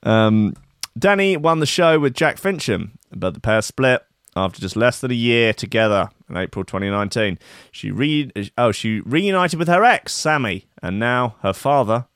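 A man's voice: medium pitch, fairly bright tone, smooth, no echo, clean studio sound. Offhand man reading out gossip. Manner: offhand, reads out a news story with asides. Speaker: podcast host. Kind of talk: casual comedic chat.

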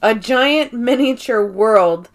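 A woman co-hosting a podcast, recapping a movie in an animated, laughing way. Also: a little high, slow. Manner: animated, laughing retelling with frequent fillers. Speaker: podcast co-host. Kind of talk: casual chat recapping a movie.

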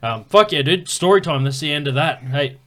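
A man hosting a comedy podcast in relaxed, swearing banter, laughing along with his guests. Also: on the high side. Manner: laid-back, swearing, quick to laugh. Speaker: podcast host. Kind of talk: casual chat.

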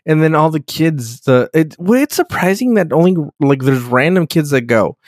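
A man co-hosting a casual podcast, recapping a TV episode in a profane, animated way and acting out the characters. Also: a little high, moderate pace, dry recording, clean studio sound. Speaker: podcast co-host.

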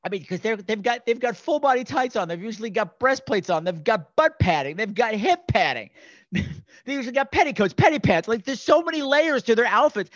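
A man hosting a podcast, chatting casually and animatedly about a horror film, breaking into loud impressions as he tells stories. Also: very high voice, animated, a little fast, dry recording. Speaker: podcast host. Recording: dry, dull lo-fi sound.

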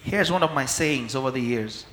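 A male pastor, preaching a teaching sermon in a slow, emphatic way and often checking that listeners follow. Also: medium pitch, lively intonation, fairly bright tone. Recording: echoey hall with long reverb.

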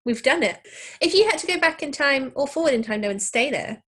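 A woman co-hosting a podcast, trading teasing, quick-witted banter. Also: high-pitched, expressive, fairly bright tone. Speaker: podcast co-host. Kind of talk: casual chat.

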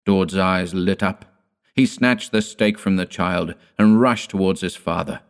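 A man narrating a gothic tale in the first person, in a measured, dramatic storytelling manner. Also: sits low, clean tone. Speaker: audiobook narrator.

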